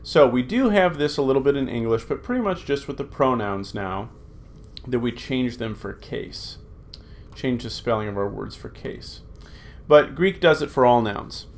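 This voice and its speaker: A man's voice: mid-range voice, expressive, normal speed, a little hiss or hum. A middle-aged man with an ordinary, middle-range voice gives a recorded grammar lesson. He speaks patiently, with frequent "uh" fillers, and repeats word forms aloud for students to memorize. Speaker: Greek teacher.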